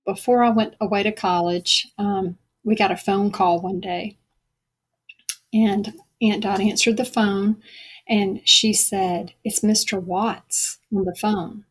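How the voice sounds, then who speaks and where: As a podcast guest, a middle-aged woman with a medium-pitched voice shares a personal testimony that is earnest and reflective, slowing down for emphasis.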